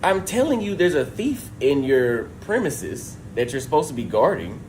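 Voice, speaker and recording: A man's voice: a little high, sing-song, normal speed, darkish tone, slight background noise. A man on a livestream recounting a theft in an exasperated, profane rant, acting out what others said. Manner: exasperated, profane, acts out dialogue. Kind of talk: animated storytelling rant.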